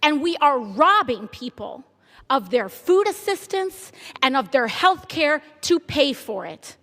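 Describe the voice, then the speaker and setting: A woman's voice: high voice, very animated, measured pace, fairly bright tone, long reverb tail. A woman, a member of Congress, giving an impassioned, indignant floor speech.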